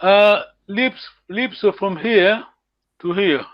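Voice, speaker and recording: A man's voice: high voice, takes it slowly, dry recording. A man teaching a language lesson over a video call, patient and encouraging, laughing often. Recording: dull lo-fi video call audio.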